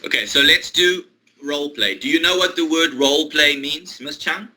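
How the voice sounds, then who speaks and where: A man teaching English one-to-one, explaining a role-play exercise patiently, step by step, with pauses. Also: a little high, sharp tone, low-quality recording. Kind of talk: online one-to-one English lesson.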